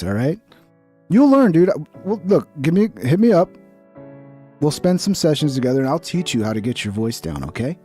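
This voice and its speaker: A man's voice: medium pitch, big pitch swings, moderate pace, mellow, soft background music. A man hosting a live reaction stream, commentating on clips with crude, mocking banter. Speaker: livestream host reacting to clips.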